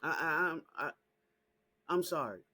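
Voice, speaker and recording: A man hosting his own small channel, ranting straight to camera in a heated, profane, repetitive way that climbs into shouting. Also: a little high, expressive, measured pace. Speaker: small YouTube channel host. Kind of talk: casual direct-to-camera rant.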